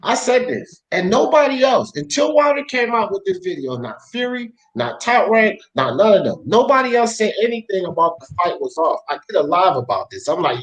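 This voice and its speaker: A man's voice: sits high, very animated, a little fast, hardly any pauses, low-quality recording. A man hosting a sports talk show, arguing bluntly with lots of swearing and street slang. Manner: blunt, profane, argumentative. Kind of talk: heated sports debate. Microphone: podcast mic.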